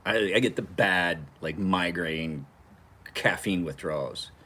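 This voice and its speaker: In a home garage, a man with a low, bright, forceful voice takes his time while hosting a knife sharpening channel. He chats loosely with viewers in a rambling live session, laughing through profane stories, with a little hiss or hum in the background.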